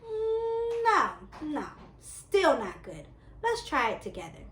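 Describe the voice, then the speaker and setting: A woman's voice: very high voice, wildly swooping pitch, takes it slowly, noisy background, pitched above the performer's own voice, full character voice. Matter-of-fact little boy, read by a woman. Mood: bossy. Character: confident young boy giving advice. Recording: roomy echo.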